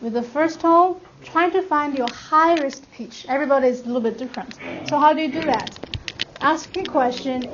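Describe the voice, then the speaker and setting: Talking a little fast in a high, slightly bright voice, a woman teaches her class how tones are pronounced. To show each tone she sings and stretches out the vowels. The lo-fi classroom audio carries clear noise.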